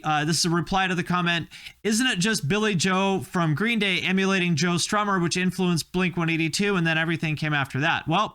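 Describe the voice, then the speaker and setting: A man with a high, bright voice gives casual reaction commentary. He sounds opinionated and wry and often pokes fun at himself. His talk stays loose and conversational. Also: clean tone. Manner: opinionated, wry, self-mocking. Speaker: host reacting to video clips.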